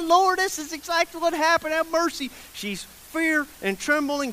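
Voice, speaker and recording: High-voiced man preaching a conversational sermon. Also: sharp tone. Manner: conversational preaching that acts out the people in the story; repeats phrases and checks in with listeners. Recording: faint hiss.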